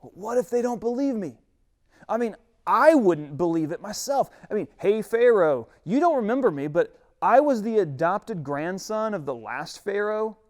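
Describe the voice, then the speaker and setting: A man's voice: lively intonation, normal speed, darkish tone. A man voicing an anxious, whining Moses full of excuses, in a pleading, raised voice during a sermon. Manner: pleading, higher-pitched, stressed. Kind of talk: sermon retelling with character voices.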